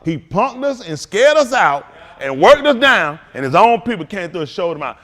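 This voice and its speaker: A man preaching as a pastor in a fiery talk, swinging from low mutters to loud outbursts. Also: big pitch swings, moderate pace.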